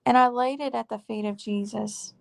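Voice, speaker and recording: Gravelly-voiced woman in her forties, earnest testimony. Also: on the high side, fairly even intonation. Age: 40s. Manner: earnest and confiding, says y'all, halting with fillers. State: close to tears. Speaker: faith vlogger. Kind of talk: heartfelt testimony vlog.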